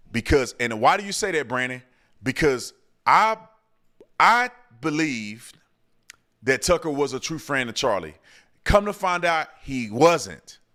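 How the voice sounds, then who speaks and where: Bright-voiced heated male show host. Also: mid-range voice. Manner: heated, ranting, repeats himself. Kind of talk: commentary and viewer Q&A.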